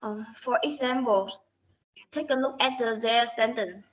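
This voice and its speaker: A woman student reading a class presentation on pronunciation, slowly and carefully going through word lists. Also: on the high side. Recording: dull lo-fi recording.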